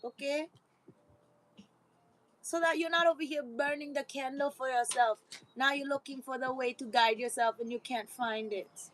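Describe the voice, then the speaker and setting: A woman's voice: high voice, steady tone, moderate pace, a bit bright, slight background noise, poor audio. A woman vlogger giving a rambling, casual motivational talk, with frequent laughter and preachy asides.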